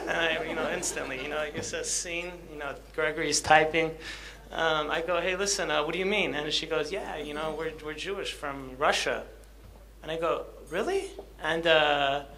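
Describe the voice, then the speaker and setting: A man's voice: a little high, sharp tone. Hesitant young man sharing his story. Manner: hesitant, lots of fillers, laughing at himself. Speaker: guest speaker. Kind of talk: personal story told to an audience.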